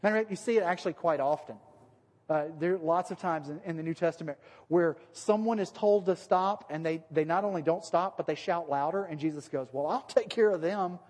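Animated male pastor in an echoey hall. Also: fairly high pitch, brisk. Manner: conversational, animated, acts out quoted voices. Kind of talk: sermon.

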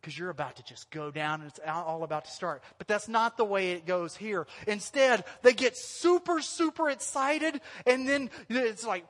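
A man preaching a sermon as pastor, animated and lively, sometimes breaking into loud sung lines. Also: high-pitched, moderate pace, few pauses. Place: church hall. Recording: long hall reverb.

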